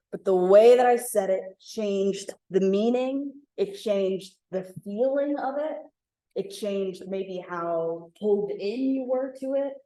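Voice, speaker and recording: A woman leading an interactive communication workshop for a live group, acting out example lines with lively emphasis. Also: mid-range voice. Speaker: workshop facilitator. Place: room with live audience. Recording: echoey room.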